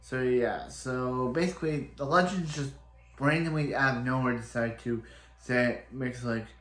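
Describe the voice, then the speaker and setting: Male show reviewer, mid pitch, loose rambling recap, echoey room. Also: measured pace, a bit bright. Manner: rambling, many restarts and fillers. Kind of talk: casual episode recap. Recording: roomy echo.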